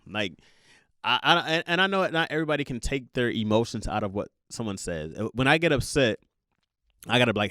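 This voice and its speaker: A man's voice: mid-range voice, lively intonation, fast, bright, forceful tone, no echo, clean studio sound. A young adult man hosting a casual monologue podcast, telling stories with playful voiced asides and laughs. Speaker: podcast host.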